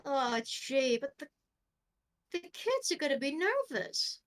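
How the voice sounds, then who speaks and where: A brash male circus guard, voiced by a woman, talks back to his boss with open doubt. He sounds high-pitched for a man and quick to question her. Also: very animated, heavily acted. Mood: worried.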